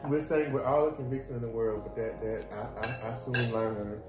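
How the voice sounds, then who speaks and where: A man's voice: mid-range voice, normal speed. A man, co-hosting a casual cooking chat, playful and storytelling. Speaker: co-host of a couple's cooking channel. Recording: echoey room with music.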